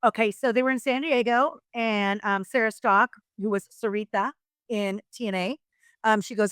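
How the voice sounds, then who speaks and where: A woman's voice: a little high, moderate pace, fairly bright tone, smooth, no echo, clean studio sound. A middle-aged woman, a retired wrestler and guest on a podcast, chatting casually and telling rambling stories full of quoted voices. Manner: rambling storyteller who acts out quoted voices. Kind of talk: casual chat.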